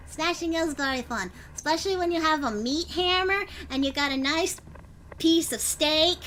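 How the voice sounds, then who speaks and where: High-voiced woman streamer, lively. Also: a little hiss or hum. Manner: chatty, swings from mutters to sudden yells. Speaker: vtuber streamer. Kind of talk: gameplay commentary.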